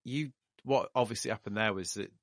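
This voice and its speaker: A man hosting a casual chat and reflecting on the stories in a low-key way. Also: brisk, no room sound, studio quality.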